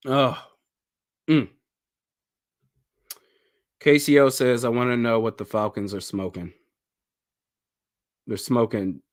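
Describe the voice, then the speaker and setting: A man hosting a casual livestream, speaking in an unhurried drawl with a bright, ringing tone that sits a little high. His pitch swings widely as he exclaims in disbelief and breaks into fits of laughter. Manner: bursts of laughter, incredulous and exclaiming. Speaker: livestream host.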